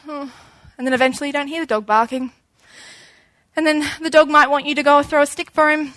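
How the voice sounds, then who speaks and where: Animated young woman preaching. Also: high voice, fairly quick, dry recording. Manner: chatty and animated, acting out little scenes. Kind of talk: informal sermon.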